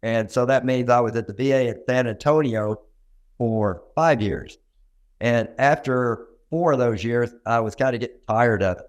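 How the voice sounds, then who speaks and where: At a moderate pace and with a mid-range voice, an older dentist from Arkansas recounts stories as an interview guest. His Southern accent comes through, and his manner is homespun and self-deprecating.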